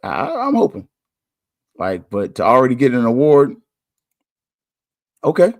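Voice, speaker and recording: A man hosting a podcast, talking candidly in a casual monologue, chatty and quick to laugh. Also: medium pitch, huge pitch swings, no room sound. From United States. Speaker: podcast host.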